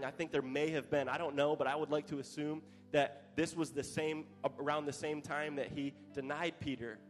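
A male pastor preaching a sermon with passion, growing louder at the climaxes. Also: a little high. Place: church hall. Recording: live church hall with long reverb and soft music.

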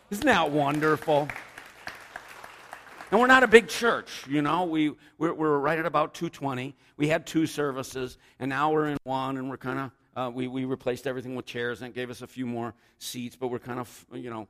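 A man's voice: medium pitch, bright, forceful tone, big-room sound. A man preaching a sermon as pastor, rambling with joking asides.

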